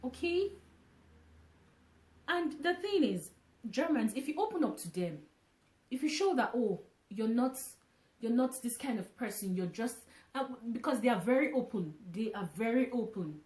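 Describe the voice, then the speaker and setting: A woman vlogging casually to camera, from Nigeria, who talks in an animated way, repeating phrases and restarting often. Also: fairly high pitch, moderate pace, echoey room.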